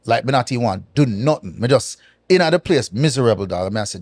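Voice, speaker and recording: Man with speech. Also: mid-range voice. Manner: animated, patois-laced, drawn-out pauses. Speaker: guest. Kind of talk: casual storytelling interview.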